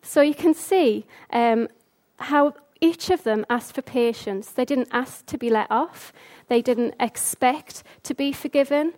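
Brisk, chatty woman giving a sermon. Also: sits high, darkish tone. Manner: brisk, conversational, with fillers. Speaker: speaker giving a talk. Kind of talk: informal sermon.

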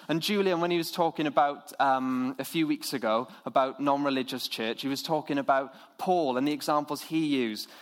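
A man delivers a sermon in an earnest, conversational way. His voice sits slightly higher than most men's, and he keeps things friendly and plain-spoken. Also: a bit bright. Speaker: preacher.

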